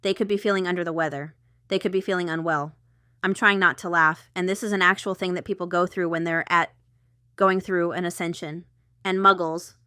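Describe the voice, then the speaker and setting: A woman's voice: lowish voice, sharp tone, smooth, no room sound, clean studio sound. A woman giving a casual tarot reading to camera, chatty and rambling, with asides and stifled laughter. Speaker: tarot reader.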